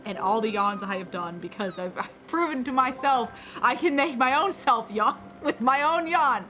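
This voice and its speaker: A woman's voice: on the high side, lively intonation, normal speed, bright, forceful tone. Chatty woman streamer over game music. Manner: chatty, playful, rambling, self-deprecating. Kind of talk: casual live gameplay commentary.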